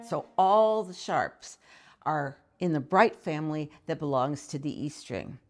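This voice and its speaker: A low-pitched, animated woman, speaking at a measured pace, gives a violin lesson on intonation. She alternates brief demonstrations with questions for the listener in a thoughtful, conversational tone, while soft background music and violin playing sound between her phrases.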